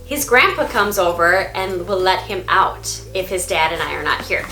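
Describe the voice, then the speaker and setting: A woman's voice: on the low side, expressive, normal speed, hardly any pauses, bright, forceful tone. A woman hosting a casual vlog from home, chatting upbeat about her dog. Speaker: vlog host and dog owner. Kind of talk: casual vlog narration to camera. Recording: echoey room, faint music.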